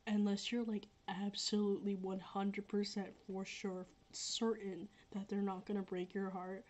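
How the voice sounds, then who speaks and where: A woman's voice: medium pitch, level tone, measured pace, hardly any pauses, a little mellow. A young woman chatting casually on a livestream, reading out comments and answering questions in a rambling way with lots of fillers and repeats. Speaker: livestreaming creator.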